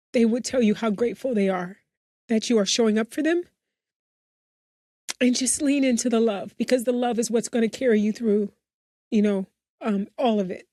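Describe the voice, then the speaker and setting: A woman's voice: on the high side, dark tone, dry recording, studio quality. A woman speaking as an interview guest about family caregiving, earnest and open, often saying "you know". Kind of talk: heartfelt interview conversation.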